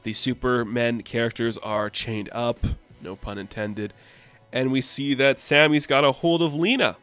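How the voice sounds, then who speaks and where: A man's voice: mid-range voice, measured pace, a bit bright, smooth, faint music behind. A man in a casual, chatty comic book recap who loosely paraphrases the characters' lines.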